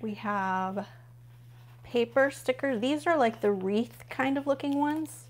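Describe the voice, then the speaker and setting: A chatty woman hosts a relaxed live stream from home. Her voice sits a little high, and she gushes over each new find while chatting with her viewers. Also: takes it slowly, a little hiss or hum. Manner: gushing, chatty, talks to viewers while flipping pages. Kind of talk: casual live unboxing chat.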